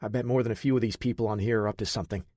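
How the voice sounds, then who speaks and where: A man voicing a cocky young male hacker who wisecracks quickly. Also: lowish voice, steady tone, warm tone, no echo, clean studio sound, lightly acted. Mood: joking.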